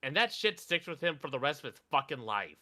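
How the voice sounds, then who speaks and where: A man's voice: a little high, very animated, fairly quick, bright, forceful tone. A man co-hosting a reaction commentary, ranting indignantly with plenty of swearing. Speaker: co-host.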